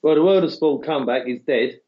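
A man's voice: medium pitch, brisk. English guy cohosting, laid back and sarcastic, sound kinda muffled. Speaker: podcast co-host. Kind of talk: casual chat. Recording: dull lo-fi audio.

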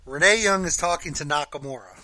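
A man hosting a casual podcast, telling stories in an animated way and laughing easily. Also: a little high, brisk, a little hiss or hum, poor audio. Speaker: podcast host. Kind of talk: casual chat about wrestling.

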